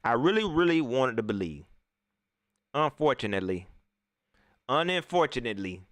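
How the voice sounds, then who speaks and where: A man hosting a casual post-game livestream, slangy and animated, often repeating himself. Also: medium pitch, normal speed, pauses often, dry recording. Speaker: sports talk show host.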